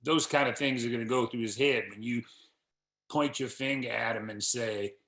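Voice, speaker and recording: A man's voice: medium pitch, normal speed. A middle-aged man, giving a folksy motivational talk to an audience and acting out quotes. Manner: folksy, animated storytelling with acted quotes. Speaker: guest speaker. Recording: echoey hall.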